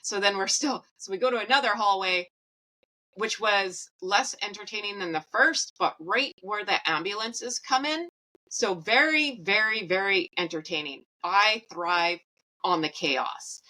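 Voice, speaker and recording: A woman's voice: mid-range voice, a little slow, bright, forceful tone, poor audio. A woman in her thirties, a podcast host, telling a personal story in a candid, wry and emotional way.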